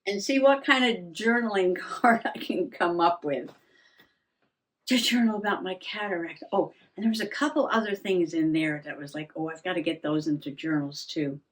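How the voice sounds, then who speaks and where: A woman's voice: on the low side, normal speed. An older woman vlogging in a rambling, self-mocking way, laughing often and a little out of breath. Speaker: journaling vlogger. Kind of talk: casual chat.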